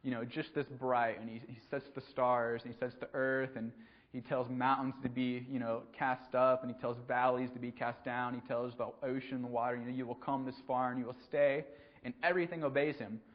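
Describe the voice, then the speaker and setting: A man preaching a conversational sermon, pausing often with ums and repeating words as he goes. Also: mid-range voice, flat delivery. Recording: dull lo-fi recording.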